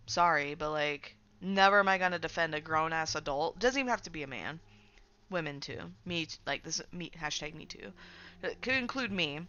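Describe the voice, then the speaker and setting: A woman's voice: sits low, sharp tone, highs cut off. A woman streamer chatting casually while she games, ranting with plenty of swearing and fillers. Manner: profane, ranting, filler-heavy. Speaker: game streamer. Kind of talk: casual chat while gaming.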